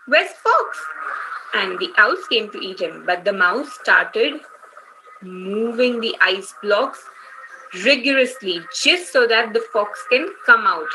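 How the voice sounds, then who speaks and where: A woman's voice: medium pitch, measured pace, background noise. A woman teaching children in an online workshop, retelling a story and running quizzes, encouraging them and often checking in with "okay?".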